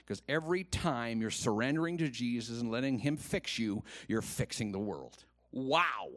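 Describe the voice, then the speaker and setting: A man preaching a sermon to a congregation, moving from quiet, earnest talk to loud, rising exhortation and having the room repeat lines after him. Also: mid-range voice, animated, moderate pace, dry recording. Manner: calls on the congregation to repeat lines and raise hands. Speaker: pastor. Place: church.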